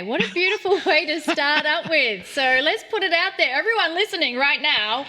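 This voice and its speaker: Woman host, high bright voice, encouraging, gushing. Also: animated, normal speed, few pauses. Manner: warm and encouraging, gushing praise. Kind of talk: interview talk.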